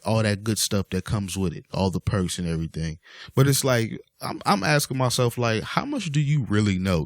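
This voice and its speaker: Deep-voiced guy venting on his vlog, aave, super dry close sound, keeps going off on tangents. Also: no room sound. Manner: exasperated, rambling with many fillers. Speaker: vlogger. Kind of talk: casual rant to camera.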